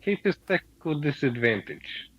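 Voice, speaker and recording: A curt, clipped samurai warrior and father, as a man puts him on, leaving out little words as he speaks. The voice sits somewhat high for a man. The sound is a little muffled and lo-fi, from a tabletop game. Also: sing-song, moderate pace, breathy edge. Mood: puzzled. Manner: clipped speech, drops articles. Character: blunt male samurai warrior, father of children.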